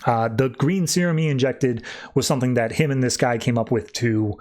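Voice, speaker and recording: A man's voice: medium pitch, a little fast, darkish tone. A man hosting a podcast, casually retelling a comic book plot in a chatty way and often saying "like". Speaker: podcast host.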